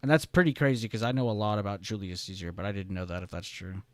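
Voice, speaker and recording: A man's voice: on the low side, steady tone, fast talker. A young man from the United States hosting a casual trading live stream, rambling and reading chat messages aloud.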